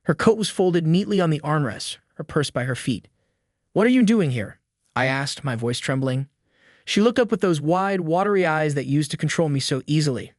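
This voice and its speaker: A male narrator reading a first-person drama in a somber, earnest tone. His voice sits fairly high for a man. The sound is dry and close, with no room. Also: animated, moderate pace, no echo.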